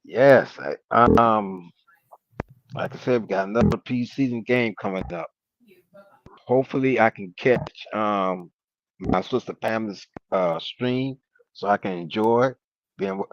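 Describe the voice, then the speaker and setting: A man chatting as a guest on a sports fan live stream, relaxed and hesitant. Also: on the low side, a little slow, no echo, lo-fi sound. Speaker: guest, host's brother.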